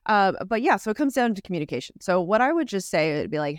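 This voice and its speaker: Fast-talking woman podcast host, dry sound. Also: mid-range voice, big pitch swings, dry recording. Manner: fast-talking, laughs often. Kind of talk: casual chat.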